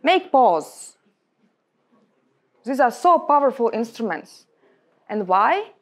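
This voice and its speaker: A young adult woman with a Latvian accent, giving a lecture on public speaking to a room of colleagues in emphatic, halting non-native English. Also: on the high side, big pitch swings. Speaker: guest speaker.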